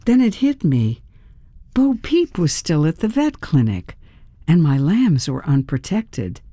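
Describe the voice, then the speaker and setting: Slow, expressive woman narrating an audiobook. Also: low voice, no echo, studio quality. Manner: measured, expressive, tense storytelling. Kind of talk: first-person audiobook narration.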